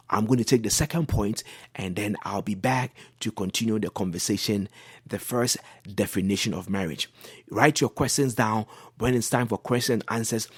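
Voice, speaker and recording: A husky-voiced male pastor speaking on a talk show, working through his advice with earnest, repetitive phrasing. His voice is slightly rough and sits at an ordinary pitch, recorded close and dry with no room sound. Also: no echo. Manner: earnest, repetitive preaching cadence. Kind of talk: talk show teaching on marriage.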